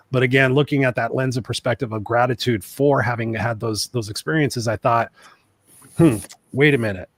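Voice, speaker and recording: A man in his fifties speaks quickly and earnestly as a guest coach in a casual panel talk. He tells stories and leans on repeated phrases for emphasis. The sound is dry and close. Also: medium pitch, dry recording. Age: 50s.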